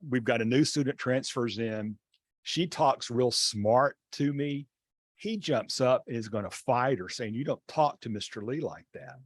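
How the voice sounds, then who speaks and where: A male teacher telling a classroom story in an online class over a video call, acting out the dialogue with lively changes of voice. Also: mid-range voice, unhurried, no room sound. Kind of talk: storytelling lecture.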